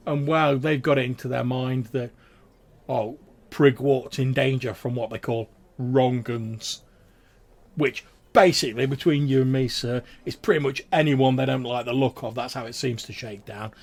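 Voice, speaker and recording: Man doing a loud blustery town guard. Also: mid-range voice, fairly even intonation, normal speed, voice pushed up, close to an everyday voice. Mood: gossipy, bossy. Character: officious loud male town guard, middle-aged.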